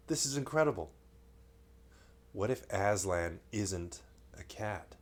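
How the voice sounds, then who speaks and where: Man, bedtime story reader, relaxed read-aloud, joking asides between passages. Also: on the low side, slow, pauses often. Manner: reads aloud, breaking off for playful joking asides. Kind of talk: bedtime story reading, livestreamed.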